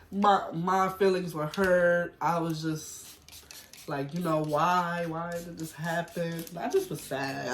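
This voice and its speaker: A middle-aged man chatting through a personal story, wandering and loose, full of slang and filler words. His voice sits a little high for a man. The room around him is echoey, with a faint hum in the background. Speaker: vlogger. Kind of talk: casual storytelling chat. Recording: roomy echo.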